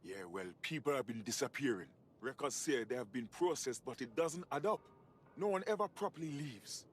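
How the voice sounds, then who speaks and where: A man's voice: medium pitch, lively intonation, normal speed, slight background noise, natural voice. A man voicing a somber camp informant. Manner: somber, matter-of-fact. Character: watchful male camp inmate informant.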